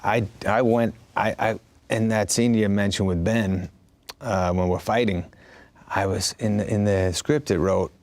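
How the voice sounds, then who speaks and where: Low gravelly-voiced man, rambling. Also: fairly even intonation, measured pace, darkish tone, dry recording. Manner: rambling, many restarts and quoted dialogue. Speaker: actor in a conversation. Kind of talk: casual conversation.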